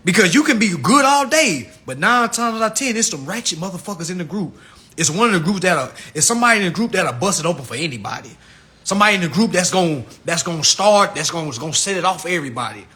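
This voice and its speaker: Man, casual livestream rant, slangy, animated, ringing tone, fairly high pitch. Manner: slangy and animated, jumps from low mutters to shouts; laughs at his own jokes. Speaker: livestream host.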